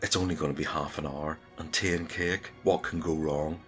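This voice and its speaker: A man's voice: rumbling low, fairly even intonation, normal speed, fairly bright tone, faint music behind. A man voicing an offhand, easygoing adventurer.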